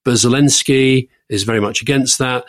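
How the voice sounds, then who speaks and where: A man co-hosting a podcast, giving measured opinions in casual political chat, with frequent stammering restarts. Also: mid-range voice, steady tone, dry recording, clean studio sound. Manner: measured, stammering restarts, quick to lift into emphasis. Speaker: podcast co-host.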